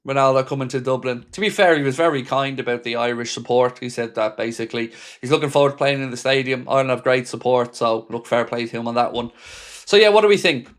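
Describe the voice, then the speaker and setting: A man's voice: mid-range voice, quick pace. Chatty man hosting a fan live stream. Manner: animated, chatty, addresses viewers by name. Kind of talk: casual live-stream chat reading viewer comments.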